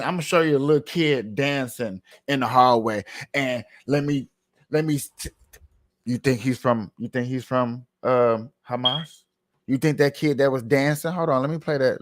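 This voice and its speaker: A man giving casual commentary to viewers as he plays a clip, animated and ranting, repeating himself often. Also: medium pitch. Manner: animated, repetitive, rambling rants; talks to viewers while playing a clip.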